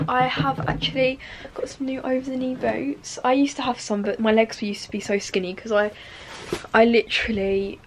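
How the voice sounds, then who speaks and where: A woman's voice: mid-range voice, noisy background. A young woman vlogging casually to camera from her bedroom, chatty and confiding, sometimes dropping to a near whisper. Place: bedroom at home.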